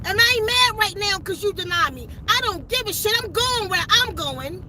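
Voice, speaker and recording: A woman's voice: extremely high pitch, animated, normal speed, pushed and bright, slight background noise, rough recording. A woman, delivering an emphatic, profane, preachy spiritual rant straight to camera. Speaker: channel host giving a spiritual message.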